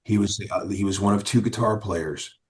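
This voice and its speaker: A man's voice: fairly low pitch, normal speed. A man, a rock singer, telling stories in a casual interview and acting out what others said. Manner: animated storyteller who acts out others' lines.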